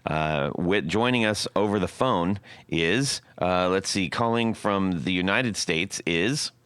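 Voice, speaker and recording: A man's voice: low voice, slow pace, fairly bright tone, smooth, no echo. A man hosting a guitar podcast, chatting casually and rambling with lots of fillers. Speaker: podcast host.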